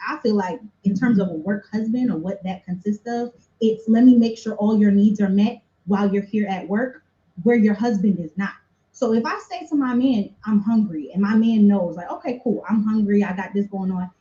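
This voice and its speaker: A woman with a mellow, warm tone lays out her view emphatically on a panel discussion. Her voice sits in an echoey room and comes through dull and lo-fi. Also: on the high side. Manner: emphatic, conversational, repeats points. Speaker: podcast panelist. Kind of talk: opinionated discussion.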